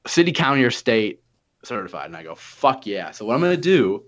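Talking fast in a mid-range voice, a twenty-something man retells a story during casual conversation. It's a profane, animated account where he imitates everyone's lines, recorded in dull lo-fi audio.

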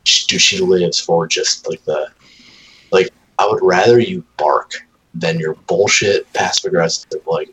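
Very deep-voiced man rambling about his dogs. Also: steady tone, unhurried, a bit bright, rough recording. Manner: rambling storyteller, swears often, mimics his dogs in voices. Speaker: friend in casual chat. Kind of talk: casual chat.

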